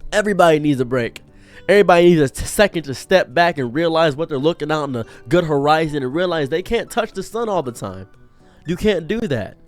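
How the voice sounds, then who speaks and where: A man's voice: on the high side, animated, brisk, soft background music. A man giving an earnest motivational monologue, preachy and direct, acting out the voices he quotes. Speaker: streamer giving a pep talk.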